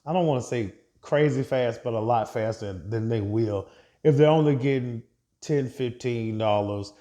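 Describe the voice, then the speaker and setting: Male vlogger, relaxed and chatty, mid-range voice, speaks to the audience like friends. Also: medium pitch, normal speed. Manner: chatty, addresses viewers directly, laughs at own slips. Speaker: investing vlogger. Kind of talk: casual portfolio update.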